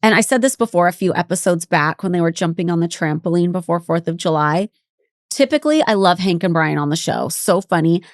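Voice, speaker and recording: Woman podcast co-host, frank and salty, slightly low pitch, dry close-mic sound. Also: lively intonation, brisk, no echo. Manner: frank, blunt, swears casually. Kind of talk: casual chat recapping a reality show.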